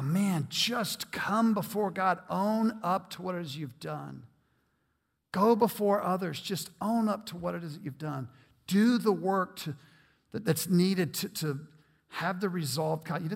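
Male pastor, high voice, earnest emphatic sermon delivery with repeated words, in a church hall with long reverb. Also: creaky, breathy edge.

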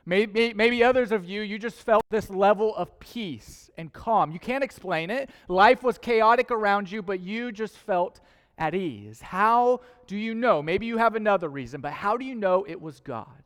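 High-voiced pastor in a reverberant hall. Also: male voice, moderate pace, a bit bright. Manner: conversational, rhetorical questions, playful asides. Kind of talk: sermon. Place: church auditorium.

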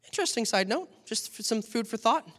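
Animated bright-voiced preacher in a hall. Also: male voice, extremely high pitch, fairly quick. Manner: animated storytelling, acting out scenes. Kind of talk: sermon. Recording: long hall reverb.

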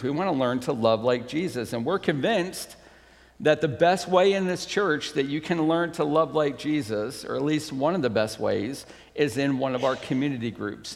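A man preaching a sermon as a pastor, then reading a story aloud with expressive, unhurried storytelling. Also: gravelly, big-room sound. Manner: unhurried, expressive storytelling with wide pitch swings.

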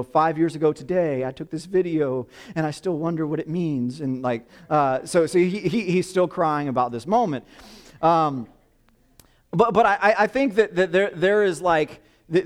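A middle-aged male pastor preaching in loose, everyday speech, full of restarts and fillers. His voice sits a little higher than most men's. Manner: conversational, halting with many fillers and restarts; hushed, reverent when praying. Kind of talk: sermon with prayer.

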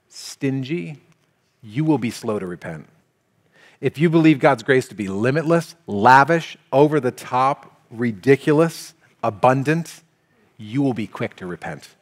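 Pastor preaching in a reverberant hall. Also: male voice, mid-range voice, measured pace. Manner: animated, acts out everyday scenes with playful exaggeration. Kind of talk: sermon.

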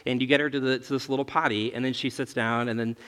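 A man in his thirties, a pastor telling a family story in a relaxed, chatty sermon and often laughing at himself. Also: mid-range voice, fast. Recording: long reverb of a large hall.

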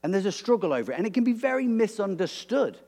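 A man preaching a sermon in a relaxed, conversational way, animated and prone to restarts. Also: high-pitched, quick pace.

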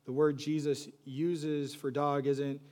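A man preaching a sermon, moving between hushed, soft lines and loud, animated bursts, and acting out pleading voices. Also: fairly high pitch, slow. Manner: acts out quoted voices with pleading repetition. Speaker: pastor.

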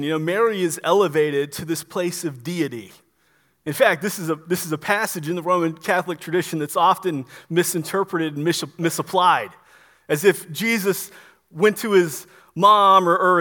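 A man preaching a sermon as pastor, earnest and emphatic, often stumbling into quick restarts. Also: high-pitched, sharp tone.

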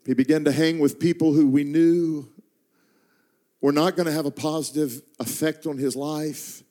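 A middle-aged man preaching to a church congregation, telling his own story with rising passion. His voice sits a little high yet sounds dark and mellow. He moves from quiet telling into fervent calls to God. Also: fairly even intonation, moderate pace. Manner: personal storytelling that swells into impassioned prayer. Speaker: traveling preacher. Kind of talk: sermon. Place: church stage before a congregation.

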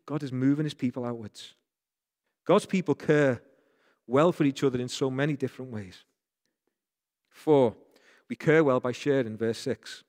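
A man's voice: on the high side, lively intonation, moderate pace, long pauses, long reverb tail. A man with a Northern English accent preaching a sermon as pastor, earnest and repeating phrases for emphasis.

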